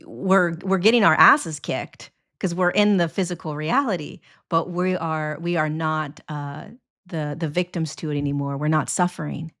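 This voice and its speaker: Low-voiced woman, animated podcast guest. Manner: animated, acts out quoted voices, laughs often, many restarts. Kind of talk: casual interview talk.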